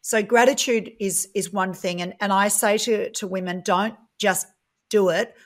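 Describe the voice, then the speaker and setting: A woman, a guest in a casual interview, telling stories in a chatty, animated way and acting out the dialogue she quotes. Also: medium pitch, normal speed. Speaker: guest, property business founder.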